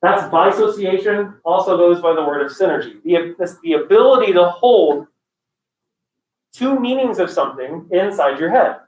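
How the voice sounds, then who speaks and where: A man teaching a class in a casual, animated way, mixing stories into the lecture. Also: sits high, normal speed. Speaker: instructor. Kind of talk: lecture with storytelling. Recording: roomy room, far from the mic.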